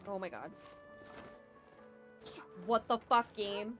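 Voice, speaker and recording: A woman streaming a video game, complaining and cursing at it, swinging between low muttering and loud outbursts. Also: expressive, slow pace, over music. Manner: frustrated, swearing, swings from muttering to yelling. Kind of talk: live gameplay commentary.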